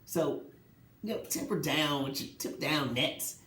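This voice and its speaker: Animated man ranting about sports, echoey room. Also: fairly high pitch, measured pace. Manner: animated, rhetorical questions, mocking quotes. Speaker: sports talk host. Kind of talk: casual solo sports commentary.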